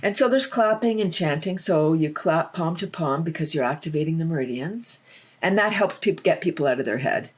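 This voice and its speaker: A woman's voice: low voice, expressive, brisk, breathy edge. A woman guest in a casual interview, talking about laughter yoga with lots of laughs and acted-out quotes. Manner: enthusiastic, laughs often, acts out quotes.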